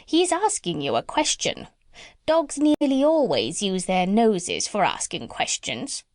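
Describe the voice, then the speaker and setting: A woman voicing a bossy, talkative female parrot in a storybook reading, who chatters and squawks high bird sounds. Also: very animated, a little slow, a little mellow, no echo, clean studio sound. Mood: insistent.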